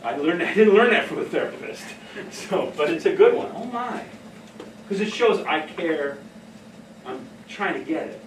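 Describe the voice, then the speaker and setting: A middle-aged man giving a casual talk on behavioral care, telling stories in an animated way and laughing often. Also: fairly high pitch, moderate pace, a little hiss or hum. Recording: echoey room from far off.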